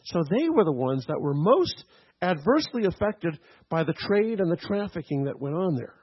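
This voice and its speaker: A man's voice: high-pitched, sing-song, moderate pace, breathy edge, lo-fi sound. A man preaching a teaching sermon, checking in with "okay?" and "right?" as he explains. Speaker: pastor.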